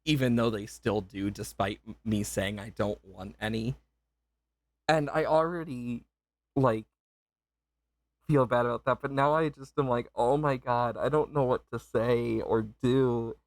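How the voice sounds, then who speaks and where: A man's voice: mid-range voice, fairly even intonation, measured pace, no room sound. A young man livestreaming a game, emotional and gushing, rambling with self-interruptions and repeated thanks. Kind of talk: live gameplay stream chat.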